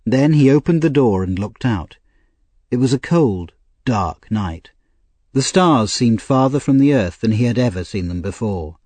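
In a measured, expressive way, a man tells the story of an audiobook. The recording has no echo, and his voice is mid-range.

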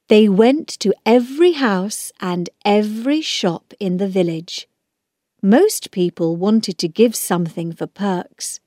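Slow, careful female narrator for a children's book, dry close sound. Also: mid-range voice, warm tone, no echo. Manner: slow, clear, measured reading.

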